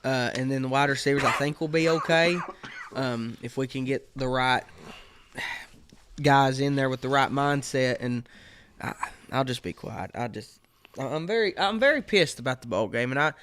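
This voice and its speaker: A man co-hosting a sports podcast, gruff and trailing off into mutters. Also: medium pitch, moderate pace, a bit bright, a little hiss or hum. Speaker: podcast co-host. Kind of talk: casual sports chat.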